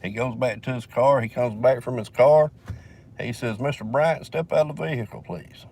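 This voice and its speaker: A man's voice: medium pitch, normal speed, a little mellow. A man from Alabama with a Southern accent, telling a long story in a casual vlog, swearing heavily and rambling with fillers, recorded in a vehicle.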